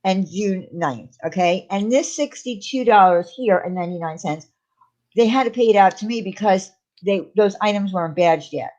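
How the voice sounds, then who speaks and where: A woman's voice: mid-range voice, normal speed, darkish tone, highs cut off. A woman hosting a casual livestream, talking in a rambling way with lots of fillers and restarts. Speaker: channel host.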